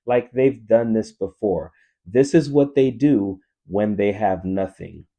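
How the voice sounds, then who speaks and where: A man in his fifties, a coach and teacher originally from Louisiana, delivers casual opinion commentary to his viewers. His voice sits low and has a very dark, mellow tone. He talks in an earnest, emphatic way, as if speaking directly to each viewer. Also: slow pace. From New Orleans, Louisiana.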